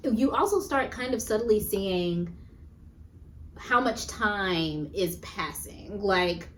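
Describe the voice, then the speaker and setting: Female podcast co-host, relaxed chatty delivery; sits back from the mic. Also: mid-range voice, takes it slowly, distant mic. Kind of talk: casual movie recap chat.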